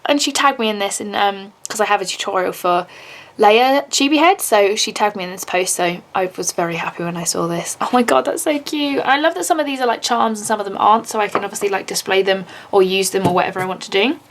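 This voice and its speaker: A woman vlogging as she unboxes gifts, gushing and excitable. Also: mid-range voice, fast, few pauses. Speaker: YouTuber. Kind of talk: unboxing vlog.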